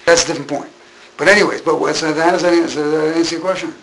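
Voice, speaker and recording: A man's voice: fairly high pitch, fairly even intonation, fast, a bit bright, a little hiss or hum, low-quality recording. A man giving an informal Torah class, repeating and restating his points with emphasis. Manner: repetitive, emphatic, restarts phrases. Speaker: Torah teacher.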